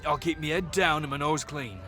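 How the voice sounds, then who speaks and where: A man's voice: on the high side, a little fast, music in the background, lightly acted. An actor playing a sly male con-man who wheedles and plays for sympathy in a video game. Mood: wheedling. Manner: wheedling, theatrical.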